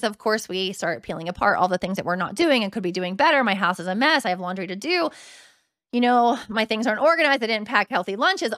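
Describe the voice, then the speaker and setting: A woman in her thirties hosts her own podcast, chatting frankly and loosely, often slipping into quoted voices of what she or others might think. Her voice sits high. The sound is dry and close, with no room around it. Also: fairly bright tone, no echo. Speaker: podcast host. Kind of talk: casual solo podcast talk.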